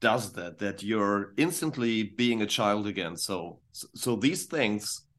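A man from northern Germany speaks English with a German accent. He chats casually as a podcast guest, telling stories in an animated way with lots of quick restarts. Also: lowish voice. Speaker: guest musician.

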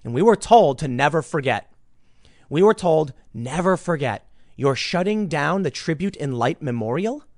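A man's voice: fairly high pitch, lively intonation, normal speed, a little mellow, dry recording, studio quality. An American man giving emphatic, indignant political commentary, often repeating his words. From United States. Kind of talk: opinion commentary.

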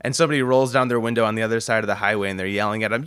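A man's voice: fairly low pitch, steady tone, rapid-fire, a bit bright, clean tone, no room sound. A man from the Chicago suburbs hosting a casual podcast chat, rambling and laughing as he retells scenes. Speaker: podcast host reviewing a film.

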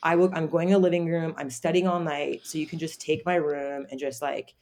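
A woman voicing an insistent young male college football player in her own gravelly, lightly raised voice. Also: low voice, little pitch movement, brisk, darkish tone. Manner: pushy, insistent.

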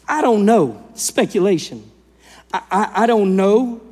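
A male pastor preaching a sermon in an animated way, acting out the people in the story and swinging between loud and hushed delivery. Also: high-pitched, measured pace, in a large hall.

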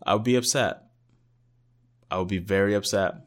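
A man's voice: on the low side, moderate pace. A man co-hosting a podcast, rambling and joking in a casual chat with lots of fillers, sounding tired. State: tired, yawning. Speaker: podcast co-host.

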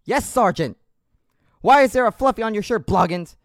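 A man voicing a petty, stern female French Canadian drill sergeant in a high, barking, mock-formal voice. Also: very animated, fairly quick, a bit bright, dry recording, studio quality. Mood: scolding.

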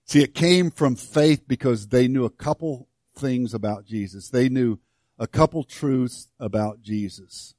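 A man preaching a sermon to his church, swinging from hushed, slow lines to loud, fervent ones. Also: mid-range voice, no echo, studio quality. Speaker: pastor.

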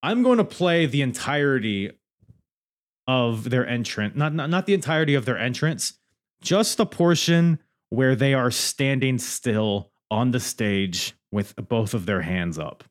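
A man's voice: medium pitch, expressive, unhurried. Male podcast host, casual rambling recap, jokey and profane. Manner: rambling, joking and profane, with many restarts.

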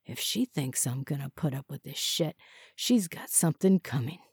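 A woman's voice: fairly low pitch, expressive, normal speed, warm tone, dry recording. A jealous young man, sullen and sneering, as a woman narrator puts him on in a storybook. The sound is dry and close. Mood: bitter.

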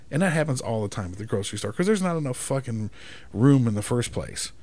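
A man in a profanity-laced rant, speaking to camera, exasperated and emphatic. His voice sits at a middle pitch but swings up and down a lot. He keeps checking in with "right?". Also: expressive, fast talker, dark tone. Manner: exasperated, emphatic, swears constantly; keeps asking "right?" for agreement. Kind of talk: profane ranting monologue.

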